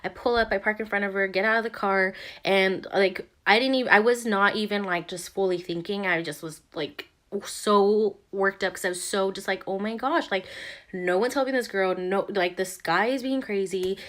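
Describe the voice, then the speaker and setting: Casually telling a story about her tense morning, a young woman vlogger speaks in a steady, mid-range, fairly bright voice at a normal pace. She rambles, restarting often and leaning heavily on "like" and other fillers.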